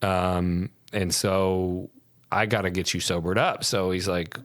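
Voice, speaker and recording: A man's voice: sits low, flat delivery, slow pace, dry recording, clean studio sound. A man, a podcast guest, telling casual stories with many fillers and restarts. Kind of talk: casual storytelling.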